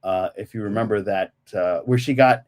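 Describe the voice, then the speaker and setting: A man from Germany co-hosts a podcast, chatting casually and enthusiastically and repeating catchphrases. His voice is lowish with a darkish tone, and he speaks at a moderate pace.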